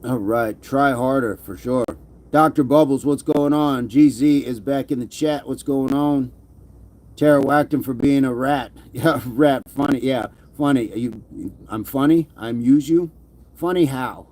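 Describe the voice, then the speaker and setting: An unhurried, slightly mellow voice of medium pitch comes from a middle-aged man running a casual livestream. Between reading chat comments and joking around, he now and then puts on a mock movie-gangster voice.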